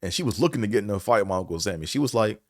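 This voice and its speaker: Low-voiced man telling a rambling story. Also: animated, very fast, no echo, studio quality. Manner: rambling, many fillers, casual swearing. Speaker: podcast host. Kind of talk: casual storytelling and reflection.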